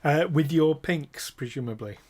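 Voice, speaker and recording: A man's voice: on the high side, normal speed, a little mellow. A man hosting a live tabletop role-playing stream as game master, joking and laughing often as he introduces the players. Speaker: game master and show host.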